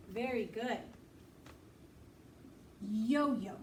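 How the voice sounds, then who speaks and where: A young woman teacher giving a slow, sing-song phonics lesson to young children, drawing out the letter sounds. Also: fairly high pitch, lively intonation, recorded from a distance, slight background noise. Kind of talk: recorded kindergarten phonics lesson.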